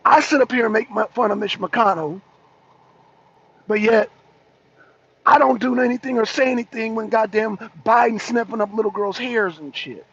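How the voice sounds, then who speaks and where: A man on a political talk show ranting loudly, swearing and repeating himself, sometimes breaking into laughter. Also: high voice, moderate pace, slightly rough. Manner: loud, profane, repetitive ranting. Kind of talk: heated political rant. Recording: dull lo-fi stream audio.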